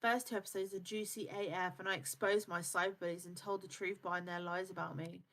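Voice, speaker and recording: A woman's voice: lowish voice, steady tone, fast talker, a bit bright. A woman co-hosting a live stream in casual chat. She sounds tired and half asleep, and she talks bluntly with a lot of swearing. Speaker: streamer and co-host.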